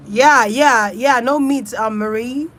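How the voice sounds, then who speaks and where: Her pitch is fairly high, her pace slow and her tone a bit bright. This online reader and host chats with her viewers in a loose, rambling way, addressing them directly and swearing a lot.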